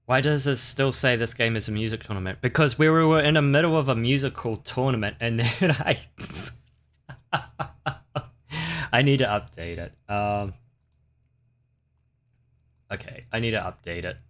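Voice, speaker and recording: A man's voice: mid-range voice, moderate pace, a bit bright. A man hosting a casual livestream, rambling and chatting with his viewers. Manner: rambling, chatty, talks to chat. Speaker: livestream host.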